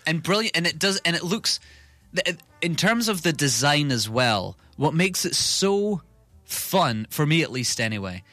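Bright-voiced man reviewing a film. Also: on the high side, big pitch swings, unhurried, dry recording. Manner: enthusiastic, rambling with restarts. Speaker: film podcast co-host. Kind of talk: casual film review chat.

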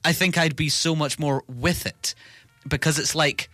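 A man's voice: a little high, fairly even intonation, measured pace, bright, forceful tone, no echo, soft background music. A man chatting enthusiastically about a film, rambling with restarts. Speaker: film podcast co-host. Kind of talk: casual film review chat.

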